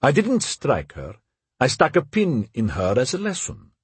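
A man voicing a sulky, haughty young noblewoman in a storybook reading, with a cold, imperious manner and a husky voice. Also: medium pitch, wildly swooping pitch, unhurried, no echo, full character voice.

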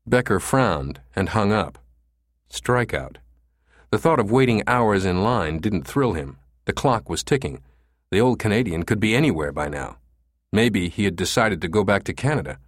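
A man reading an audiobook thriller in steady, measured scripted narration. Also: on the low side, dry recording, studio quality.

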